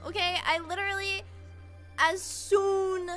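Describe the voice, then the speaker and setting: Very high, bright giggly streamer woman. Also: level tone, faint music behind. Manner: gushing, giggly, frequent laughter; quick emotional swings from soft mumbles to shrieks. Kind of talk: casual chat with stream chat.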